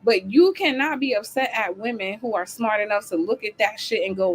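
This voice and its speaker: A woman's voice: a little high, lively intonation, normal speed, slightly rough. A woman hosting a livestream talk show, ranting bluntly and heatedly with heavy swearing and answering the live chat. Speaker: host.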